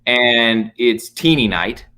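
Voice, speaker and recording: A man, a podcast guest, telling stories in casual, animated chat full of fillers and swearing. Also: medium pitch, takes it slowly, slight background noise. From United States.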